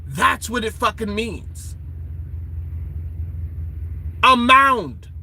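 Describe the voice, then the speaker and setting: Confrontational man ranting to listeners, bright sharp voice, husky, high. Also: sing-song, very slow, rough recording. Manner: confrontational, taunting, quizzes listeners. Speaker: online lecturer. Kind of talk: profane ranting lecture.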